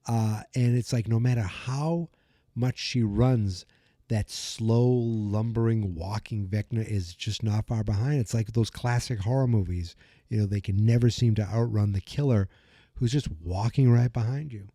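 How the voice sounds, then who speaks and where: Mellow guy on a podcast recapping an episode, super chatty, lots of "like", dry close sound. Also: on the low side, measured pace, no room sound. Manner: chatty, full of "you know" and "like"; acts out character lines while retelling. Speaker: podcast host.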